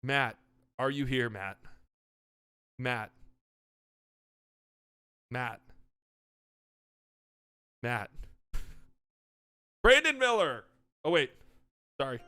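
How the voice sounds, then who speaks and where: A man hosting a casual online mock draft, trading mumbled asides with loud mock-announcer calls. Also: medium pitch, huge pitch swings, drawn-out words, long pauses, clean tone. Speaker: host running a community mock draft. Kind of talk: casual livestream chat with mock announcer bits.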